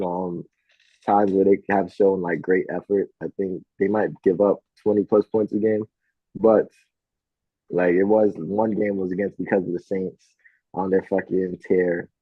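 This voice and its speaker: A man's voice: sits low, a little slow, slightly rough, no echo. A man co-hosting a casual sports betting chat, swearing freely and telling stories with animation. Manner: profane, animated storytelling. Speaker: podcast co-host. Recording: tinny phone-like sound.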